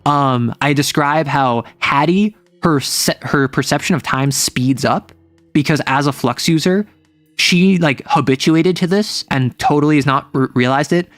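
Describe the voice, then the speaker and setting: Animated man retelling a game session. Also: on the high side, a little slow, dry recording, faint music behind. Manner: rambling, animated storytelling. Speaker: streamer and game master.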